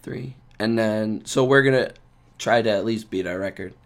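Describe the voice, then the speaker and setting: A man co-hosting a casual podcast, hoarse and rough-voiced from being sick, rambling in a loose, joking way. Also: lowish voice, moderate pace. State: hoarse from a cold. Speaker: podcast co-host.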